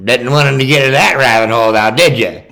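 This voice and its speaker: A man's voice: medium pitch, quick pace, bright, forceful tone, low-quality recording. A man giving ranting true-crime commentary, combative and profane, talking straight at the person he criticizes. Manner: combative, profane, addresses his target directly.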